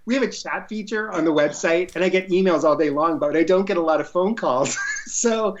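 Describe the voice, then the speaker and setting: A man, a guest entrepreneur, telling a story in a casual interview, excitable and laughing often. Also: sits high, a little fast, lo-fi sound, a little hiss or hum.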